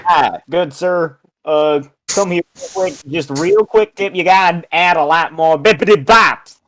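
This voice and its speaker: A man's voice: on the high side, measured pace, a bit bright, dry recording. A man playing a tabletop role-playing game, joking around and giving mock coaching to another player. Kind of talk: casual in-character tabletop play.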